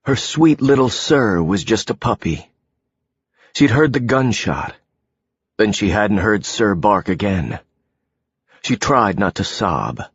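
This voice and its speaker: A man narrating an audiobook in a measured, deliberate way. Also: on the low side, sing-song, breathy edge, no echo. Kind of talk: scripted narration. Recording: dull, dry, lo-fi audio.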